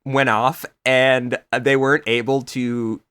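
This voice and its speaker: A man hosting a casual card-game podcast, talking in an animated way and laughing often. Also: mid-range voice, takes it slowly, clear, resonant tone. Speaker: podcast host.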